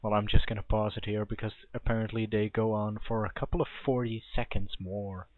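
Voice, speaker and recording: A man's voice: fairly low pitch, little pitch movement, a little fast, no room sound. A man casting a strategy game replay alone, opinionated and thinking aloud with restarts. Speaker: game commentator. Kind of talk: solo replay commentary. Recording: tinny lo-fi mic, dry.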